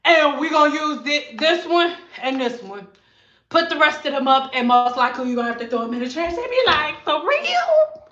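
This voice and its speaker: A woman's voice: high-pitched, animated, fairly quick, sharp tone, reverberant, highs cut off. A woman in her thirties, a hairstylist, ranting bluntly and sassily in a casual vlog, acting out chats with her clients, recorded in a bathroom. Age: 30s. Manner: sassy, blunt, acts out client exchanges. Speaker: hairstylist vlogger. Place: bathroom at home.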